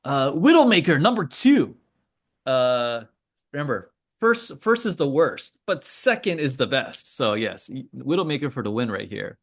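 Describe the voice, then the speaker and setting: In a sing-song, unhurried mid-range voice, a man walks through charts during a casual trading call shared on screen. His commentary rambles, full of fillers and joking side remarks.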